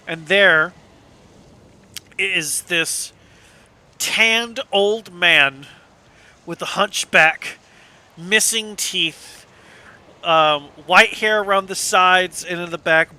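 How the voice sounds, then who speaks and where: A man running a tabletop game with a bright, slightly high voice. He narrates slowly and loosely, dropping fillers and curses as he goes. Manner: loose, casual, with many fillers and swearing. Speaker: game master.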